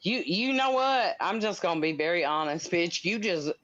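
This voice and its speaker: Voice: medium pitch, expressive, moderate pace, fairly bright tone, no echo, muffled recording. A frank, swearing guest on a livestream, talking plainly about getting angry. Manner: frank, profane, emphatic. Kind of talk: casual livestream chat.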